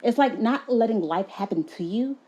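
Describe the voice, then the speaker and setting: A mother with a mellow, warm voice talks earnestly in a podcast chat and often affirms what she hears. The recording sounds dull and lo-fi. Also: on the high side, lively intonation, moderate pace, slight background noise. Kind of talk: conversational podcast interview.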